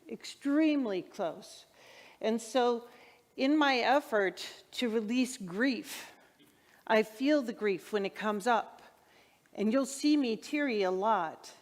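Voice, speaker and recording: A middle-aged woman minister with a fairly high voice delivers a heartfelt sermon in a conversational tone, often turning to the congregation with questions. Her words ring out with a long reverb in the church sanctuary.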